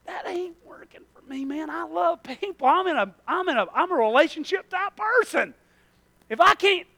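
A man preaching a sermon, emphatic and full of repeated phrases, moving from loud bursts to hushed asides. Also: extremely high pitch, gravelly, dry recording.

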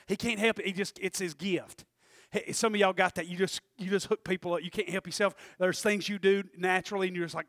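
A male pastor preaching an impassioned sermon in a church, swinging from shouts to hushed asides. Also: high voice, fairly even intonation, brisk, dry recording, studio quality. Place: church sanctuary.

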